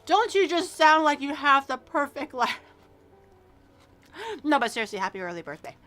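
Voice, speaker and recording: A young Canadian woman livestreaming, her voice high and bright. She chats and teases her viewers, full of "um"s and "like"s, while faint music plays underneath. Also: sing-song, normal speed. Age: early 20s. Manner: chatty and teasing, with frequent fillers. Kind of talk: casual chat reacting to viewers.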